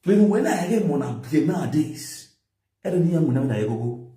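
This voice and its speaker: A man with a Nigerian accent lectures and scolds, his fairly high voice swooping up and down. The tone is mellow and dark. The echo of a bare room hangs around his words. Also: very animated, normal speed. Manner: lecturing, mixing pidgin and local language. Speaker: social media commentator. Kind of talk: scolding commentary.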